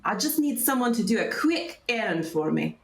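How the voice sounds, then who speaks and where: A woman's voice: on the high side, big pitch swings, normal speed, vocal fry. A woman voicing a bundled-up female scholar, friendly and rambling, with a put-on Welsh accent. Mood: chatty. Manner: friendly, rambling, stumbles a little. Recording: roomy echo, faint noise.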